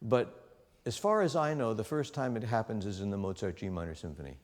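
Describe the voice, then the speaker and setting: A man's voice: on the low side, brisk. A man teaching a chamber music master class, talking animatedly and acting out small quoted lines as he coaches the players. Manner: animated, talks with his hands in phrases, acts out little quoted voices. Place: concert hall or large studio at a music school. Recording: long hall reverb.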